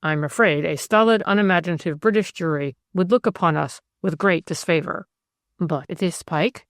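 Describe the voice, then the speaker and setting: A woman narrator voicing a cool, calculating woman conspirator who talks with composure and jumps to sharp, bright rises. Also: lowish voice, normal speed, no echo, clean studio sound, close to an everyday voice. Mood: anxious.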